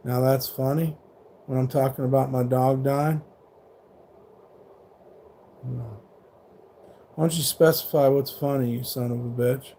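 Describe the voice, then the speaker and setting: A man's voice: mid-range voice, fairly even intonation, measured pace, long pauses, dark tone. A middle-aged man livestreaming from a truck stop, talking casually and swearing as he taunts trolls in the chat. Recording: faint background noise.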